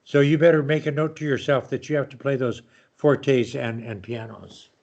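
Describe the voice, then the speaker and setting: A man's voice: mid-range voice, fairly even intonation, normal speed, creaky, a little mellow, highs cut off. Older man teaching piano, patient. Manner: patient, explains with counting and clucking demonstrations. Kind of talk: online piano lesson.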